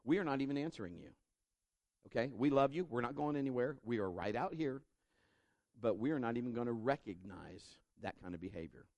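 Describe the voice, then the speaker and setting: Animated middle-aged male preacher. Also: mid-range voice, fairly quick, dry recording. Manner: animated, acts out voices in his stories. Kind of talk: sermon storytelling.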